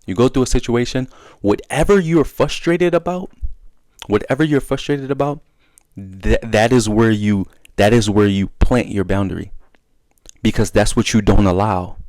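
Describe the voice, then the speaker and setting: A young man speaking in a casual, animated way, giving advice and acting out bits of dialogue. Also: fairly low pitch, moderate pace, dry recording. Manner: animated, conversational, acts out dialogue. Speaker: self-help video host.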